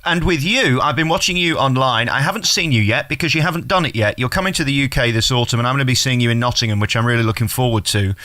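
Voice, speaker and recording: A man hosts a radio interview, talking in a chatty, effusive way and steering his guest with leading questions. His voice is bright and forceful at a medium pitch. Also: fast, hardly any pauses. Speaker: radio show host.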